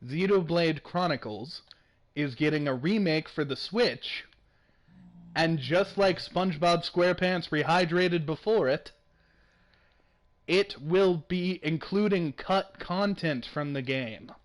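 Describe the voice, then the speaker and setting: A young man hosts a casual gaming podcast, talking fast and excitedly. He swears freely and laughs often. His voice sits a little high for a man. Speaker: podcast host.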